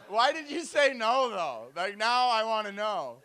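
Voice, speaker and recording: Bright slangy young comedian on stage. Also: male voice, sits high, sing-song, takes it slowly. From Edmonton, Alberta, Canada. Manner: loose, rambling, slangy crowd work. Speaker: stand-up comedian and event host. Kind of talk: stand-up comedy. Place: comedy club stage with audience.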